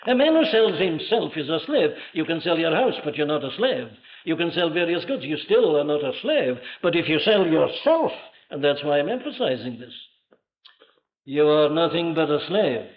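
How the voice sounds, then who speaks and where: This dull, lo-fi archival recording captures an older preacher from Wales, his voice on the high side with big pitch swings at normal speed. He hammers home rhetorical questions, and his voice rises in dramatic surges.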